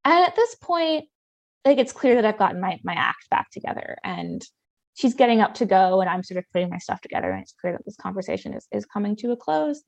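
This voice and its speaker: A woman in her twenties telling a personal story in a lively, expressive, self-mocking way. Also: medium pitch, brisk, gravelly.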